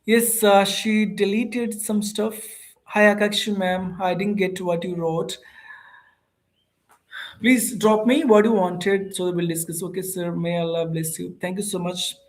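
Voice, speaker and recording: An English teacher with an Indian accent hosts a relaxed live stream and chats directly with viewers. The voice sits in a middle pitch, and the delivery is animated and conversational, with frequent pauses and "uh" fillers. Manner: chatty and animated, reads and answers viewer comments, frequent "uh" fillers.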